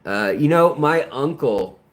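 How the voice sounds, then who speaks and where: A man hosting a casual livestream, chatting to viewers in a rambling, animated way and tripping over their names. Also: fairly high pitch, slow. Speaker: livestream host.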